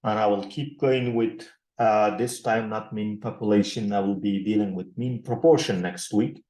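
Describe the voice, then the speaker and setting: A man with a Turkish accent giving a university statistics lecture, slowly reading out numbers and repeating himself. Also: fairly low pitch, steady tone, darkish tone. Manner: slow, repetitive, reading out numbers. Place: classroom. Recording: echoey classroom.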